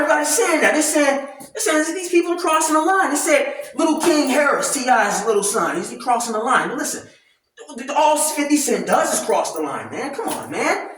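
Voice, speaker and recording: A man ranting loudly and animatedly in casual commentary, swearing freely. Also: very high-pitched, normal speed. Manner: loud, animated, profane ranting. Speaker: commentary vlogger. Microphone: camera mic at a distance, no clip-on mic. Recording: very echoey room, voice far from mic.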